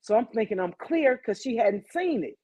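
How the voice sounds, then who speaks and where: Lively woman podcast host, fairly high voice. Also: normal speed, breathy edge, rough recording. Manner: animated, profane, talks straight to listeners. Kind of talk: casual comic storytelling.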